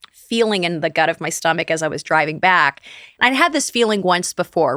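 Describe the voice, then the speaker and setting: A middle-aged woman from St. Louis tells her story with a bright, forceful edge, slipping into the voices of people she quotes. The sound is dry and close, with no room around it. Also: sits low, dry recording. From St. Louis, USA. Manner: animated, acts out quoted dialogue. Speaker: guest. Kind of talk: casual interview storytelling.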